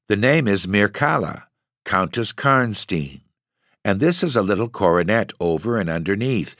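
A caring, earnest young lady speaking gently, read by a man in his own deep voice. The sound is dry and close-miked. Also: dry recording. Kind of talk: audiobook reading.

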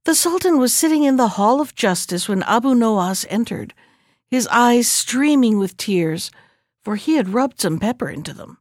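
A woman narrating an old fairy tale at a steady, even storytelling pace. Her voice sits somewhat high, and the recording is dry and close with no room sound. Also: moderate pace, dry recording. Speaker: reader.

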